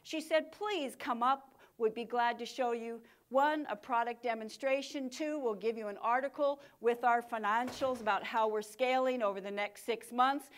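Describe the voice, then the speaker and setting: Woman, high voice, workshop speaker, punchy, energetic, dramatic pauses, live audience. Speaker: communication speaker.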